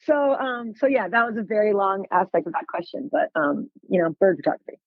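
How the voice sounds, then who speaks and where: A woman's voice: mid-range voice, animated, moderate pace, no echo. Rambling woman on a tinny line. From United States. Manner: rambling, many fillers and restarts. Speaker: snowboard photographer, guest. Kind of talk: casual podcast chat. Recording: tinny phone-like sound.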